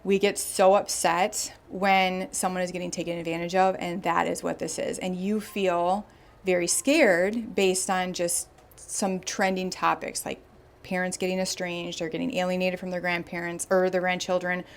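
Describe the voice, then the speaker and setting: A young woman hosting a podcast, retelling a listener's story in a casual, animated way and acting out the people in it. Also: lowish voice, normal speed. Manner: animated, acts out quoted voices. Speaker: podcast host.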